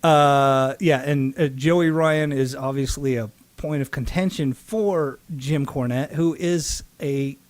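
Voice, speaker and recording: A man co-hosting a casual podcast, telling stories in an animated way and mimicking other people's voices. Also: slow pace, few pauses. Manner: animated storyteller, mimics voices with big pitch jumps. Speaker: podcast co-host.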